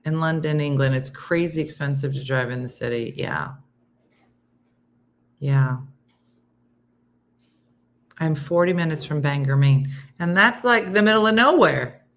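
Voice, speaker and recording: A woman's voice: deep voice, unhurried, long pauses. A middle-aged woman hosting a casual morning chat show, talking loosely and reading viewer comments aloud. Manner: chatty, animated, reads comments aloud. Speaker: host.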